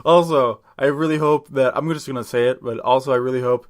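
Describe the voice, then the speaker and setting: A man's voice: medium pitch, steady tone, a little fast. Laughing man narrating a comedy story. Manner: laughs often, crude jokes. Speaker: podcast host and storyteller.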